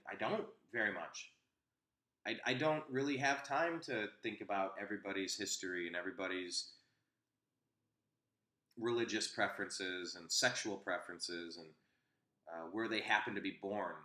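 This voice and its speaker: A man's voice: fairly low pitch, moderate pace, pauses often, sharp tone, roomy sound. A man hosting a casual opinion chat, telling a rambling anecdote with frequent restarts. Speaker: host.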